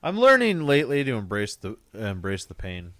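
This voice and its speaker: A man's voice: on the low side, huge pitch swings, normal speed, a bit bright, no echo. Crude joking man on a podcast. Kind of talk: casual podcast chat.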